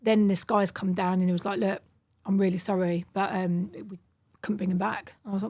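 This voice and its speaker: A woman's voice: medium pitch, steady tone. A woman, a podcast guest telling a personal story in conversation and acting out the quoted dialogue as she goes. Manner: fast, vivid retelling that acts out quoted dialogue.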